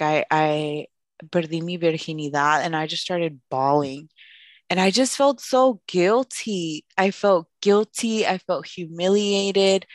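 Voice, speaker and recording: Late 20s woman, lowish voice, emotional storytelling on a podcast, dry close sound. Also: no echo. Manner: emotional, candid, mixes Spanish phrases into English. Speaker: podcast co-host.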